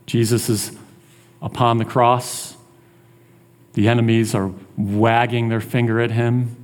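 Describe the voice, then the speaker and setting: A man's voice: mid-range voice, level tone, takes it slowly. A man preaching a sermon in an earnest, conversational way, with plenty of restarts. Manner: earnest, conversational, acts out taunts in a raised voice.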